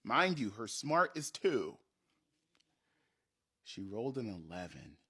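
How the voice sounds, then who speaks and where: A man telling a casual story about running a tabletop game, animated and rambling, with quick restarts. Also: fairly low pitch, husky.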